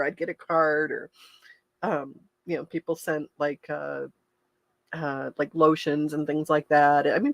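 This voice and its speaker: A woman's voice: deep voice, no echo. Candid woman chatting on a livestream. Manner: candid, chatty, with many restarts; openly emotional, laughing through tears. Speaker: health coach and nurse hosting a livestream. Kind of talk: casual livestream talk to viewers.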